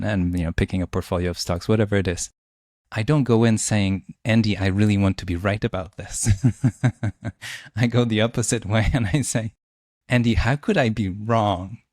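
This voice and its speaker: A man's voice: on the low side, darkish tone, no room sound, studio quality. A man hosting a podcast interview, talking reflectively and thinking aloud as he shares his views. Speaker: podcast host. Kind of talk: conversational interview.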